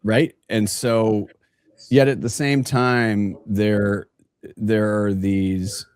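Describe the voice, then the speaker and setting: A low-voiced man hosting a casual interview in a dry, close recording. He rambles playfully through long questions, padding them with fillers and asides. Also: flat delivery, extremely slow, darkish tone, clear, resonant tone, no room sound. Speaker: interviewer, host.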